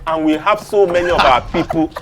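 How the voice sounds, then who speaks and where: A man's voice: a little high, fairly quick. A man, a teacher speaking as a panel guest, stating his opinions emphatically. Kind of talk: panel discussion.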